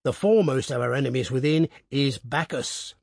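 A man's voice: medium pitch, moderate pace, gravelly, dry recording, studio quality. A man reading aloud, voicing a pompous ex-soldier letter-writer who dictates in an officious, self-important manner.

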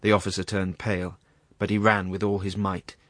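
Man reading an old story out loud, slow and grave, really low voice, dry close sound. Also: little pitch movement, dry recording. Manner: measured, grave. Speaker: narrator. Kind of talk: scripted narration of a classic story.

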